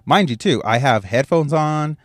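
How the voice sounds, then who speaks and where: This podcast host is a man whose voice sits on the high side, expressive and moderately paced. Parked at a gas station in his car with headphones on and a handheld microphone, he rambles through profane stories alone; the audio has no echo and studio quality.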